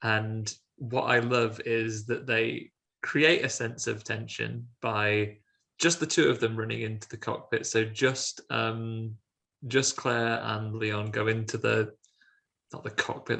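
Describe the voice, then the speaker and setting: A man's voice: fairly low pitch, fairly even intonation, measured pace, vocal fry, pushed and bright. A man co-hosting a film podcast, retelling the plot in a chatty, sarcastic way. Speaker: podcast co-host. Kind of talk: casual film review chat.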